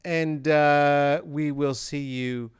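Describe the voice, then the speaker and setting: A man's voice: on the high side, steady tone, drawn-out words, clean tone, no room sound, studio quality. A man hosting a podcast, signing off in a rambling, jokey way and swearing often. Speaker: podcast host. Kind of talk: comedic podcast sign-off.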